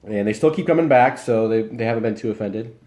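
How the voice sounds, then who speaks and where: Young US male streamer, slightly low voice, loose casual delivery, talking with his mouth half full. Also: quick pace. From Iowa, US. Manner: relaxed, rambling, talks while eating. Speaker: live streamer. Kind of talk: casual chat reading viewer comments.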